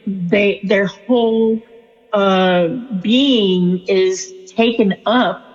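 Woman interviewee, storytelling, breathy voice in a reverberant space. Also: mid-range voice, fairly even intonation, drawn-out words, faint music behind. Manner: chatty and storytelling, with fillers and laughs. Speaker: author and spiritual counselor. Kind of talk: conversational interview answer. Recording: lo-fi with long reverb.

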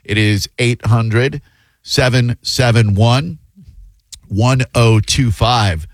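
A man's voice: medium pitch, takes it slowly, dry recording. A man in his fifties filling in as a talk radio host, telling rambling, self-deprecating stories with plenty of fillers. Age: 50s. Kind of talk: casual radio chat and storytelling. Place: radio studio. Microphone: studio broadcast mic.

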